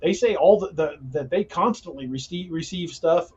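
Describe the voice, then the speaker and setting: A man's voice: a little high, normal speed, a little mellow, husky, muffled recording. A man hosting a casual paranormal podcast, talking earnestly and restarting his sentences often. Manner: rambling, frequent restarts, earnest. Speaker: podcast host.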